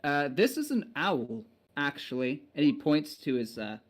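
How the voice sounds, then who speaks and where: A man's voice: a little high, very animated, measured pace. A man voicing a polite, slightly flustered male knight who keeps a pet owl.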